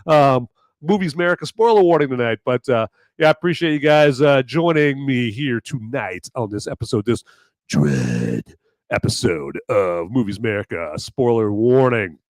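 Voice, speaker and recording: A hoarse man hosts a live show, rambling along and cracking jokes. His pitch sits at an ordinary middle height. The sound is dry and close, with no room around it. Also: sing-song, moderate pace, dry recording. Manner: rambling and jokey. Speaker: podcast host. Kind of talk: live casual chat.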